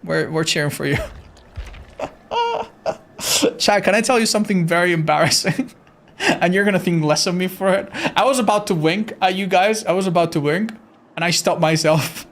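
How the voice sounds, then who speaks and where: A man's voice: high-pitched, animated, normal speed, long pauses. A man chatting casually on a livestream, reading chat, swearing freely and laughing often; English is not his first language. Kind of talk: casual live-stream chat.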